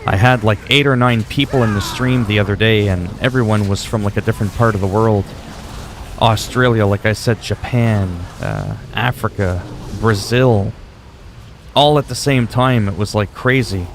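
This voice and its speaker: Chatting casually with his audience while gaming, a Canadian streamer whose first language is French wanders from topic to topic in a relaxed way. He speaks at normal speed in a lowish voice, over a faint hiss or hum.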